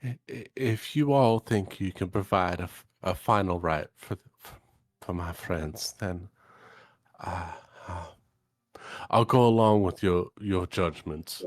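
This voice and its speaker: A man voicing a grieving adventurer in a tabletop role-play, halting and stammering with emotion. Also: deep voice, no echo. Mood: resigned. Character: grieving adventurer torn over undead friends.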